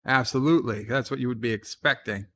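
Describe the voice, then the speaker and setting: A man with a slight New York accent hosts a live stream in a relaxed, chatty way. He reads out viewer comments in a brighter, livelier voice, then answers them with dry, low-key asides at a middle pitch. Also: fast talker. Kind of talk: casual live stream chat, reading viewer comments aloud.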